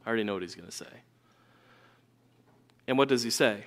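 A man's voice: on the low side, fast talker, long pauses, a bit bright. A man preaching a sermon in a conversational way, acting out quotes of biblical figures.

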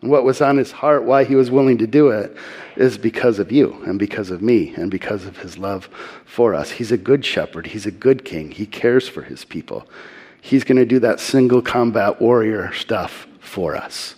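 A man giving earnest sermon-style Bible teaching, slowing and softening his voice for emphasis. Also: on the low side, husky.

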